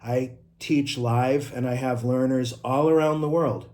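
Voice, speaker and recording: A man's voice: medium pitch, fairly even intonation, unhurried, darkish tone. A middle-aged man with an Inland North American accent from upstate New York, an IT trainer talking casually to camera, personal and full of asides. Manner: chatty and personal, with asides and self-corrections. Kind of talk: casual vlog talk to camera.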